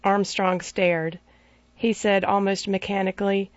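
A woman narrates a story in a steady, measured voice at an ordinary pitch. The recording is very dry and close, with a somewhat dull, muffled sound. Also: no echo. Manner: measured, gives characters distinct voices. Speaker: audiobook narrator. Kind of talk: scripted narration.

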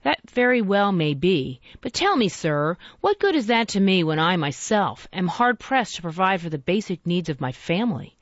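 A woman's voice: on the low side, sing-song, moderate pace, few pauses, dry recording, highs cut off. A woman reading aloud and voicing a troubled, impassioned Victorian author who speaks in an earnest, oratorical way. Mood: despairing.

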